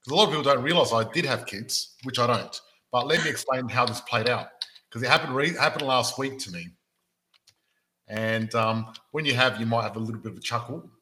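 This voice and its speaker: Bright-voiced podcast host. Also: male voice, medium pitch, fairly quick, slight background noise, rough recording. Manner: jokey, animated storytelling. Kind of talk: casual podcast chat.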